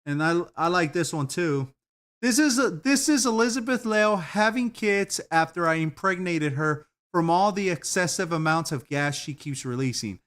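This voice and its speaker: A man with a slightly high voice chats on a stream while he browses videos. He giggles often and rambles in a loose, profane way. His talk comes in casual bursts. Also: animated, moderate pace, fairly bright tone. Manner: giggly, laughs often at what he watches.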